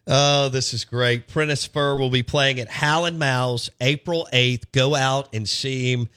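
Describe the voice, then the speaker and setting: A man hosting a radio show, upbeat and quick to plug events. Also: mid-range voice, steady tone, pushed and bright, clean tone, no echo. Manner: upbeat, laughs easily, plugs events. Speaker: radio sports show host. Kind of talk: casual radio chat.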